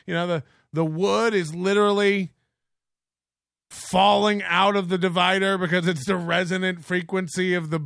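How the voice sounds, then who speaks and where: A sarcastic male host rants slowly through comic commentary, piling up profane rhetorical questions and laughing at his own jokes. His voice sits high and bright with a gravelly fry. The recording is dry and close. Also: dry recording. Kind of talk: casual comedic commentary rant.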